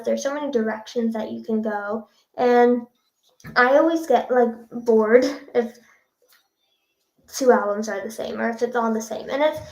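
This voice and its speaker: A bubbly young woman chats with her viewers on a livestream. Her voice sits a little high. It rings in an echoey room. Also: a little mellow. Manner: bubbly, chatty, reads out viewer comments. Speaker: singer hosting a livestream. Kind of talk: casual livestream chat.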